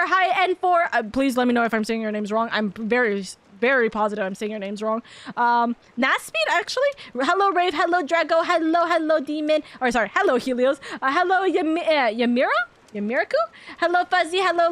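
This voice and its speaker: A woman streaming live, chatting casually and affectionately with her viewers, talking fast and rambling with lots of repeats. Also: high-pitched, a bit bright, dry recording. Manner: bubbly, affectionate, rapid and rambling. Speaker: VTuber streamer.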